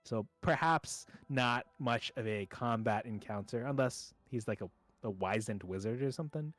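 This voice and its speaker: A man's voice: medium pitch, normal speed, no room sound. A young man running a tabletop game as dungeon master, rambling through his narration with many fillers and restarts.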